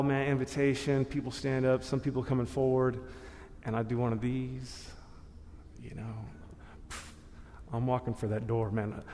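With a mid-range, darkish voice, a man tells his church testimony as a guest speaker. He keeps it loose and casual, full of slang and self-directed laughter, and the recording carries a long hall reverb.

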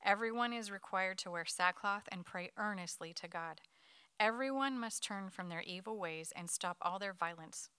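A woman leading a Bible study, reading a scripture passage aloud to her group at a quick pace. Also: mid-range voice, clean tone, no echo. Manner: quick, lively reading with light laughs.

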